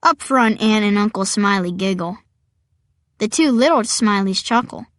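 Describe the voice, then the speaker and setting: A woman's voice: mid-range voice, lively intonation, moderate pace, dry recording, clean studio sound. A woman reading a first-person audiobook in a wry, conversational storytelling manner. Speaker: audiobook narrator.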